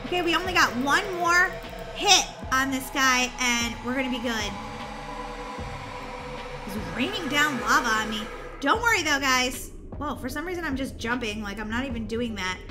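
A woman hosting a game let's-play with bubbly, excitable, jokey commentary. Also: high voice, moderate pace. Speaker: gaming channel host. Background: game music.

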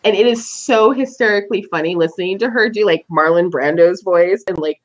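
A woman hosting a casual book discussion podcast, laughing often and telling her reactions with animated voices. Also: fairly low pitch, fairly quick, muffled recording. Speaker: podcast host.

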